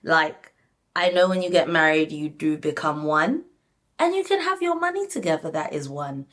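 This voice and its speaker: Chatty woman with a low voice. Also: normal speed. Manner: animated, frequent "like", addresses viewers. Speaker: reality TV recap YouTuber. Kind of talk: casual chatty review.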